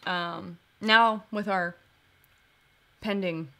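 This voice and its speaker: A chatty woman co-hosting a live show, with a bright, forward voice. She talks in an emotional, giggly way, with her pitch in an ordinary middle range. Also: fairly even intonation, extremely slow. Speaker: co-host. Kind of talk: casual chat on a live stream.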